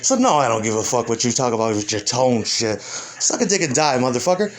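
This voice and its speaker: Profane, animated man ranting. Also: medium pitch, brisk. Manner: profane, combative, rambling. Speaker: musician. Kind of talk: ranting monologue.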